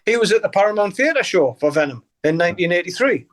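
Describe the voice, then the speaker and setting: An older man with a broad Geordie accent, speaking a touch higher than most men. He tells stories in a relaxed interview, swearing freely and laughing as he goes. He slips into the voices of the people he is talking about. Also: fast. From Newcastle, England. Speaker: guest musician. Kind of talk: casual interview storytelling.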